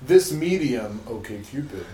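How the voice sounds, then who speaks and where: A man's voice: mid-range voice, expressive, a little slow, mellow. A man in a casual group chat, reading his own messages aloud with embarrassed, self-deprecating laughter. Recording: echoey room with background noise.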